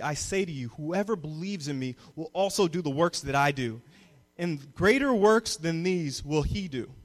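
A young man preaching a sermon as a youth pastor, moving from calm teaching to loud call-and-response. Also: fairly high pitch. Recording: long reverb of a hall.

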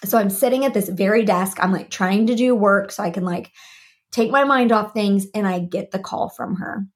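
A woman's voice: medium pitch, moderate pace. A woman hosting her own podcast, sharing a personal story and animatedly acting out remembered conversations, speaking from her home office desk. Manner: animated, acts out remembered dialogue. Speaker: podcast host.

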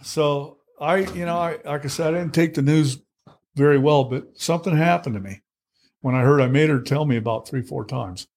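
A man's voice: fairly high pitch, moderate pace, a little mellow. Blunt plainspoken man telling his story. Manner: blunt and plainspoken, with frequent fillers and restarts. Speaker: guest. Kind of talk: candid storytelling in conversation.

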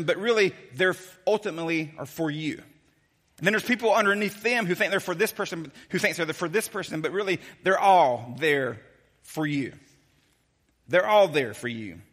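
Pastor guy preaching casual and jokey, high voice, long hall echo. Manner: animated storyteller, casual and joking. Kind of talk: sermon.

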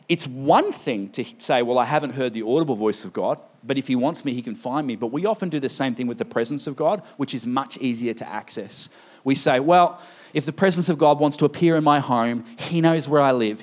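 A man preaching a sermon in a relaxed, conversational storytelling manner. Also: fairly high pitch.

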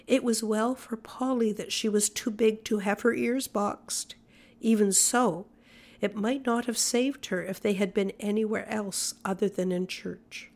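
A woman's voice: mid-range voice, fairly even intonation, measured pace, darkish tone. Woman narrating an old-fashioned story. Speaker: audiobook narrator. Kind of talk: scripted narration.

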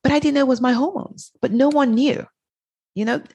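A middle-aged woman, an author appearing as an interview guest, speaks a little fast in a high-pitched, slightly rough voice with no room sound. She tells personal stories candidly and animatedly, acting out the dialogue in them.

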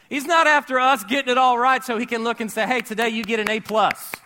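A man preaching a sermon to a live church audience, conversational and joking, quizzing the crowd, and rising to shouts on key words. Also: extremely high pitch, fairly even intonation, normal speed, slight background noise. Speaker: pastor.

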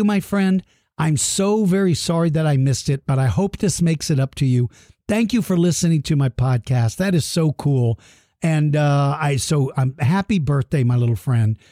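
A playful, animated man hosts a podcast for young dinosaur fans, with a fairly high voice. He reads out listener messages and teases the kids in a mock gruff way. The sound is dry and close. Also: no echo. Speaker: podcast host. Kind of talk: casual shout-outs to young listeners.

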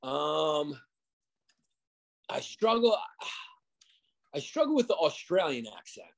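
A man's voice: on the high side, sing-song, slow, creaky. A man who is a comedian guest, talking in a rambling, casual way with lots of fillers and restarts. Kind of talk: casual podcast chat.

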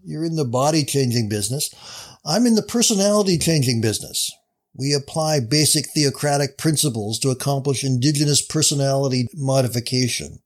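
A man's voice: mid-range voice, a little fast, lightly acted. A man voicing a casual pastor who teases a businessman in a story. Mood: playful. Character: casual male pastor, playful and sly.

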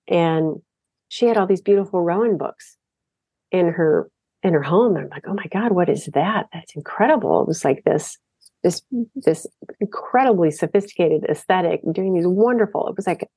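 A woman guest in an interview, telling stories about her design work in a lively, enthusiastic way. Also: on the low side, normal speed, dry recording. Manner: storytelling, enthusiastic. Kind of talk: casual interview talk.

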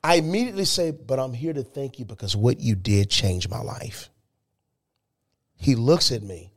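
Male guest, mid-pitched, emphatic storyteller in an interview. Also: moderate pace. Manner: animated, emphatic storytelling with rising excitement.

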